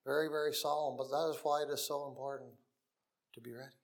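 A man's voice: medium pitch, level tone, quick pace. A man preaching a gospel sermon in an earnest way, repeating key phrases and dropping to a near whisper on the most solemn lines.

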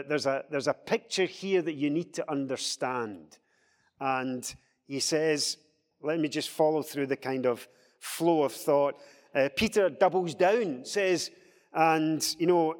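A man leading a Bible study discussion, explaining scripture with lively acted-out quotes. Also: on the high side, big-room sound. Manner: animated, acts out quoted speech in a raised voice.

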